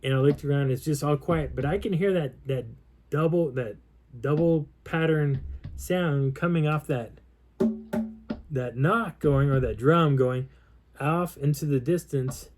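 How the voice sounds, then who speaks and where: A man's voice: fairly high pitch, measured pace, darkish tone, faint music behind. A middle-aged man casually telling a long story as a vlogger, rambling with restarts and quoting what others said. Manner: rambling, with many restarts and quoted dialogue. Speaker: vlogger recounting an outdoor experience.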